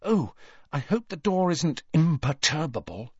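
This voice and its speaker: A man voicing an anxious, clever teenage girl witch who talks in hushed tones. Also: a little high, big pitch swings, unhurried, husky, dry recording, lo-fi sound, voice pushed up, exaggerated voice. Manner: whispering, anxious.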